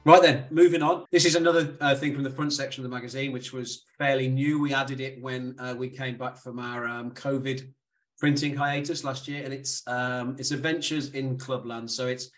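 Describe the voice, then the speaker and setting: A man's voice: mid-range voice, fairly even intonation, normal speed, soft background music. A man hosting a podcast, jokey and a bit sweary, steering the chat along. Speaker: podcast host. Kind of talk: casual chat.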